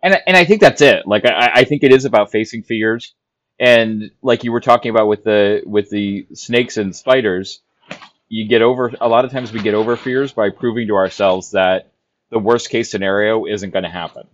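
A male podcast host with a fairly low voice responds thoughtfully and supportively. His recording sounds dull and lo-fi. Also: moderate pace, a little hiss or hum. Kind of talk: casual conversation.

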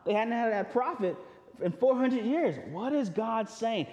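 A man's voice: sits high, darkish tone. A man preaching a sermon as pastor, talking in a loose, conversational way with restarts and asides. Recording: long hall reverb.

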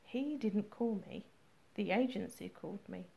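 A woman reading the part of a grieving, angry man who is a detective, speaking slowly and bitterly. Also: medium pitch, dark tone, natural voice. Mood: detached. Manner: slow, measured, bitter. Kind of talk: audiobook character reading.

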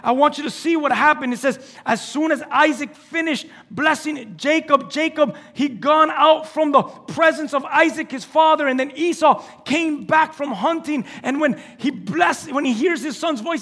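Animated high-voiced pastor preaching. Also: male voice, normal speed, hardly any pauses. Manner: animated storytelling, acting out scripture scenes; swings between loud exclaiming and hushed asides. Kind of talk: sermon.

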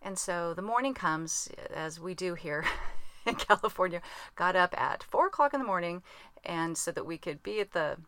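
A woman's voice: on the low side, animated, normal speed, fairly bright tone, clean tone, dry recording. A woman hosting a podcast in casual chat, rambling and laughing at herself, recorded in a small closet. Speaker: podcast host.

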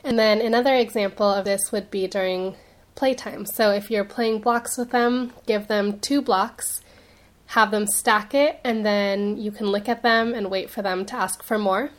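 A woman's voice: mid-range voice, steady tone, a little slow. A woman speech pathologist hosting an advice podcast, chatty and explanatory, her nose stuffy as she gets over being sick. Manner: chatty, explanatory, with many fillers.

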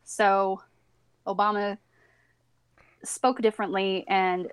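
This podcast co-host is a woman with a mid-range, clean-toned voice, speaking slowly and flatly during a casual political conversation. Her manner is chatty, with hesitant restarts and laughter. The recording sounds close and dry, free of any room echo.

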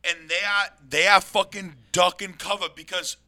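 A man chatting crudely and excitedly in a casual podcast conversation. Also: sits high, moderate pace. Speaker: podcast co-host. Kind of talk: casual chat.

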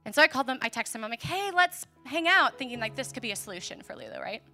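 Bright high-voiced woman preaching. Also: very fast, creaky, soft background music. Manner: earnest, candid, laughs often. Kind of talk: storytelling sermon.

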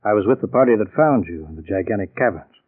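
An actor playing a calm, shrewd captain who questions patiently, in 1940s radio acting. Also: male voice, lowish voice, fast talker, slightly rough. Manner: calm, probing. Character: calm, shrewd middle-aged police captain. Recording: tinny old radio recording.

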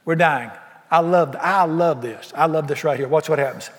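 A man's voice: on the high side, moderate pace. A man preaching a sermon as pastor, folksy and exuberant, full of rhetorical questions. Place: church sanctuary. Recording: long reverb of a church hall.

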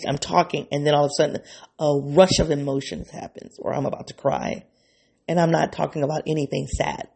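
A vlogger speaks to his viewers in an unscripted, reflective monologue, rambling, restarting his thoughts and showing his emotions openly. His voice is on the high side, creaky, a little mellow, with a breathy edge.

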